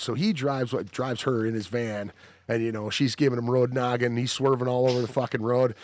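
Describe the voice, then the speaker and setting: A man's voice: mid-range voice, normal speed, no echo, clean studio sound. A man hosting a podcast, telling wild stories with lots of swearing and laughter. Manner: profane, laughing storyteller. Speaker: podcast host. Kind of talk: casual storytelling chat.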